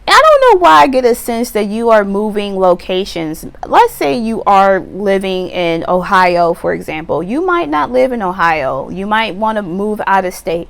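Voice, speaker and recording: A woman giving a casual tarot reading to camera outdoors, chatty and animated, now and then acting out the viewer's voice. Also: mid-range voice, moderate pace, creaky, hardly any pauses. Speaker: tarot reader. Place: outdoors on a windy day. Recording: wind noise, slightly distant mic.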